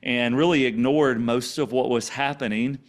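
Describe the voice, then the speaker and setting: A man from Louisiana with a country Cajun accent mixed with Texas twang, telling his life story as a podcast guest in a relaxed, rambling way with many fillers. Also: mid-range voice, normal speed. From Louisiana, USA. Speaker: guest, author and coach. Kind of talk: storytelling interview.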